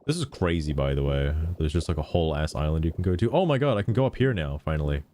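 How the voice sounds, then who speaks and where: A young man giving casual gameplay commentary as a streamer, chatty and swearing freely with quick exclamations. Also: extremely low pitch, lively intonation, mellow, slight background noise. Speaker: vtuber streamer.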